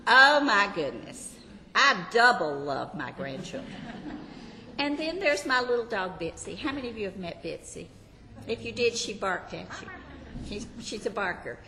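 A woman's voice: mid-range voice, very animated, normal speed, pushed and bright, in a large hall, a little hiss or hum. Chatty older woman teaching Sunday school. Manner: chatty, self-deprecating, homey teaching with asides. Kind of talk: Bible study teaching to a class.

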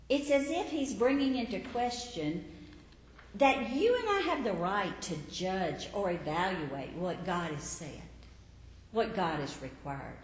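Animated woman teaching a sermon. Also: medium pitch, measured pace. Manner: animated, emphatic, expressive. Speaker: Bible teacher. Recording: echoey hall, faint background noise.

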